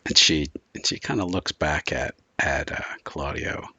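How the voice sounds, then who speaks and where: A man narrating a tabletop vampire game as game master, relaxed and loose with fillers. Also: extremely low pitch, unhurried, creaky, husky, dry recording.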